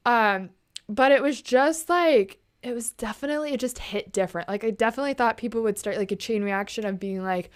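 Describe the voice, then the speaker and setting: A young woman talks through a late-night vlog in a chatty, indignant, slang-filled way. Her voice sits a little high and sounds smooth and clear. She keeps her volume down as she talks. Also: fairly quick. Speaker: vlogger. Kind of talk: casual late-night chat.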